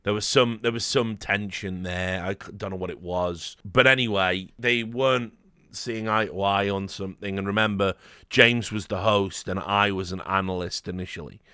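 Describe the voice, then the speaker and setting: A man's voice: fairly low pitch, fairly even intonation, normal speed, sharp tone, clean tone, no room sound, clean studio sound. A man telling a story casually, rambling, swearing often and laughing. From Britain. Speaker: streamer host.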